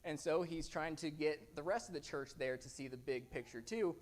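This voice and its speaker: A young man gives a sermon as a guest preacher. His voice sits a little high, and he talks in an earnest, conversational way, doubling words as he works through his points. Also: normal speed.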